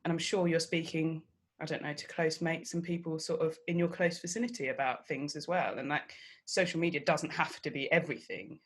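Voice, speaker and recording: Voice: medium pitch, fairly even intonation, fairly quick, a bit bright, husky. Thoughtful voice on a podcast panel. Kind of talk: casual panel discussion.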